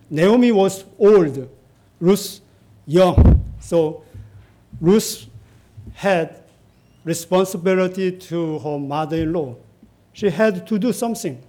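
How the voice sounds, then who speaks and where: Slow, halting high-voiced male preacher. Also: warm tone. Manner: halting, with frequent pauses and repetitions. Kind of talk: Bible teaching sermon.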